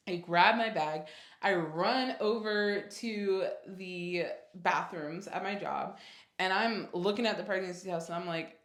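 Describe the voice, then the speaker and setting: A young woman telling a personal story in a casual storytime vlog, animated and full of fillers as she acts out what people said. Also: mid-range voice, normal speed. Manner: animated retelling, acts out quotes, many fillers. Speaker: vlogger. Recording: roomy echo.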